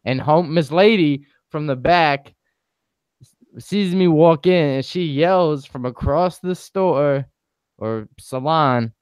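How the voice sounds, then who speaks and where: Young male podcast co-host, smooth voice, relaxed storyteller, dry close sound. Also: fairly high pitch, slow, dry recording. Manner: laid-back storytelling, joking, swears casually. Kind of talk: casual podcast banter.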